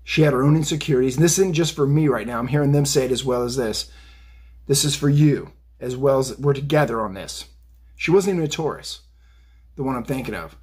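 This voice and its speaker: A man's voice: medium pitch, a little fast, a little mellow, slightly rough. A man giving a tarot reading on a phone video, blunt and fired up, swearing and rambling. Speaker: tarot reader. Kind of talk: casual profane psychic rant.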